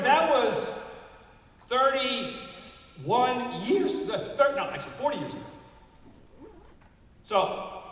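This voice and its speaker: A man's voice: extremely high pitch, fairly bright tone. An older man giving an emphatic motivational speech to a live audience, punching and repeating key numbers. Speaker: motivational speaker. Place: large hall. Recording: echoey hall recorded from far off.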